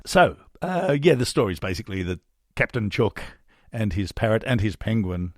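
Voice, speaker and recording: A man's voice: on the low side, big pitch swings, moderate pace, dry recording, clean studio sound. An Australian man narrating a podcast in a casual, chatty, self-deprecating way, a former drama teacher. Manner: chatty, self-deprecating, drops into silly character voices.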